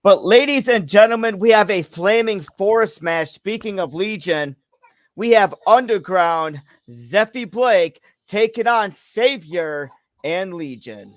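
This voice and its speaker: A man hosting a storytelling wrestling show, hyping up matches with drawn-out showman pauses and reading the story aloud. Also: sits high, expressive, no room sound. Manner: showman, drawn-out hype, pausing for effect. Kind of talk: wrestling announcement and live read-aloud.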